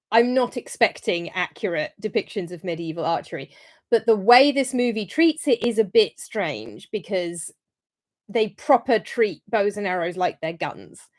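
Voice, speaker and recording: A woman hosting a casual livestream review, talking in a chatty, rambling way with frequent ums and restarts. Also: on the low side. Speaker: historian livestream host.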